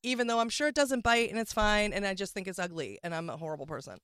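A woman comedian on a talk show, telling a story in an excitable, self-deprecating way. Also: medium pitch, quick pace. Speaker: comedian guest. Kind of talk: animated comic storytelling.

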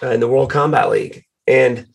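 A male guest on a podcast speaks at a middling pitch, with a gravelly rasp running under his words. He tells his stories in an easygoing, conversational way and leans on filler words as he goes. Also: brisk. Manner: relaxed storytelling, many fillers. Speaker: guest, fighter. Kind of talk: casual podcast chat.

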